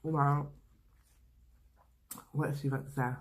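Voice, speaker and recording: A young woman vlogger telling a casual, slangy story while eating, animated and full of asides to her viewers. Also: sits low, a little slow, husky. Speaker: mukbang vlogger.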